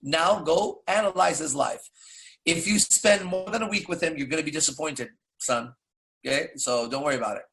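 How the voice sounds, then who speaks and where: Man, fairly high voice, coach, casual monologue, blunt, swears a lot, rhetorical questions. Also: normal speed, creaky, fairly bright tone, soft background music. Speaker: dating coach.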